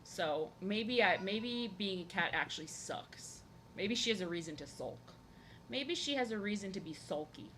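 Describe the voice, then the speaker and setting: Young woman rambling on her art stream, bright voice, swoops up and down a lot, bit of faint hiss. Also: animated, moderate pace. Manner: rambling, chatty, talks to her cat in a high sing-song. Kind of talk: casual chat while drawing on stream.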